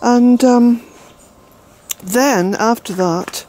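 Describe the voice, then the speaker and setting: A woman's voice: fairly high pitch, extremely slow, mellow, rough recording. An older woman from Ireland, a vlogger chatting outdoors in her garden, out of breath and rambling with fillers. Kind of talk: casual walk-and-talk narration.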